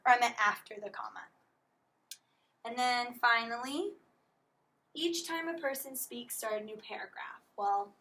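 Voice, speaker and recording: Woman teacher, fairly high voice, slow and methodical walkthrough. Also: fairly bright tone, rough recording. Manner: slow, step-by-step explaining, apologizes for slips. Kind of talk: recorded classroom lesson.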